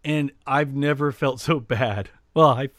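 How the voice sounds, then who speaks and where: A man co-hosting a podcast, telling a story in casual chat with many restarts, getting loud and lively as he retells it. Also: medium pitch, unhurried, no echo, studio quality. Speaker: podcast co-host.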